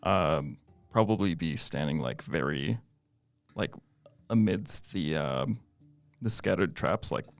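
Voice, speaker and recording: A man's voice: very deep voice, lively intonation, takes it slowly, creaky, long pauses, no echo, faint music behind. A man playing a tabletop game, talking hesitantly with many fillers as he decides his moves. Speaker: player. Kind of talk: casual tabletop game play.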